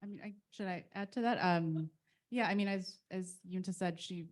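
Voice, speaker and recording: A woman's voice: fairly low pitch, normal speed. A woman speaking as an author on a panel, explaining her point conversationally and quoting others. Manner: explains with quoted voices, conversational. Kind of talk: panel discussion.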